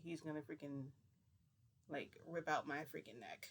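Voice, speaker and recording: An adult vlogger telling a story in casual chat, rambling and excitable with many fillers and restarts. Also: mid-range voice, fairly quick, a little hiss or hum. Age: adult, parent.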